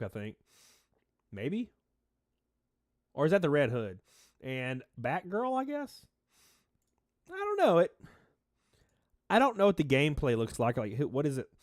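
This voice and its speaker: A man's voice: mid-range voice, no echo, studio quality. A man hosting a casual livestream, rambling and reading out chat names, stuffy-nosed and a little out of breath. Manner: rambling, reads chat names aloud, shouts out donors. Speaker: livestream host.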